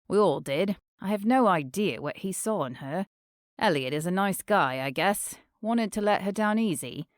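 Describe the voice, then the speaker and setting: Chatty gossipy guy friend, quick and animated, woman reading it. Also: mid-range voice, dry recording, clean studio sound, lightly acted.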